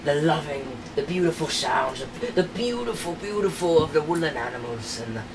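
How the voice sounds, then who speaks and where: A player in a tabletop game, talking in a rambling, halting, giggly way. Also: mid-range voice, animated, far from the mic. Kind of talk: casual tabletop play. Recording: noisy, from off mic.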